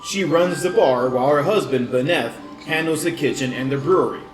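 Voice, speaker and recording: Game master, male, halting descriptive narration, roomy and distant with soft music. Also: a little high. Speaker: dungeon master. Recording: echoey room, distant mic, faint music.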